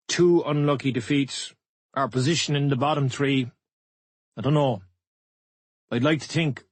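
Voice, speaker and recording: A man's voice: medium pitch, slightly rough, no room sound. A man narrating a first-person memoir audiobook in a blunt, matter-of-fact way.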